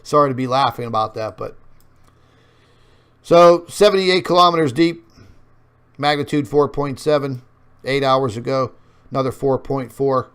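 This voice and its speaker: A mid-range, somewhat bright male voice with a clear, resonant tone, unhurried and full of pauses. He hosts an online news show, rambling through on-screen maps with lots of fillers and calling his viewers "folks" in casual commentary.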